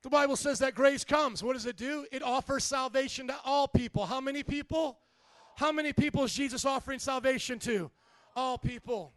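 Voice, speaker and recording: High-voiced preaching man, call-and-response. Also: fairly quick, fairly bright tone, no echo, clean studio sound. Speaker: pastor. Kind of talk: sermon.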